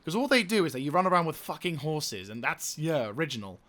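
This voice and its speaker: A young man with a bright, sharp voice talks through his strategy game. He swears freely and rants at the enemy, then drops back to muttering over menus. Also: fairly high pitch, big pitch swings, fast. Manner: profane, ranting, venting frustration. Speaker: gaming YouTuber. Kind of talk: let's play commentary.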